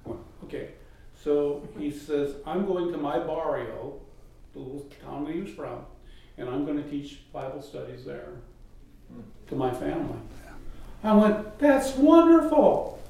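A man, a guest, telling a personal missionary story in a casual, animated way and mimicking the voices of people in it. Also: a little high, normal speed, vocal fry. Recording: distant mic in a very echoey room, faint noise.

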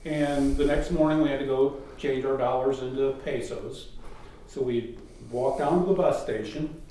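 A man, a guest, telling a personal missionary story in a casual, animated way and mimicking the voices of people in it. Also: medium pitch, moderate pace. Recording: distant mic in a very echoey room, faint noise.

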